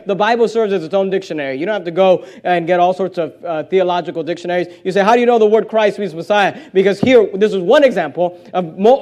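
A man's voice: sits high, a little mellow. A man preaching a sermon, reading scripture aloud with emphatic stresses and plain conversational asides between readings.

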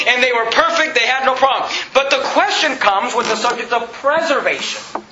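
A man's voice: extremely high pitch, animated, normal speed, bright, forceful tone. A man preaching a sermon, emphatic and repetitive, quoting scripture and putting questions to the congregation. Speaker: pastor. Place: church sanctuary. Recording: echoey, dull sanctuary recording.

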